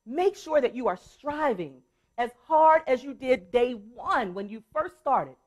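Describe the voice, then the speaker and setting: A woman's voice: high voice, lively intonation, a little slow, a little mellow. A woman motivational speaker and coach on a conference stage, telling a story in an emphatic, repetitive way and calling the audience y'all.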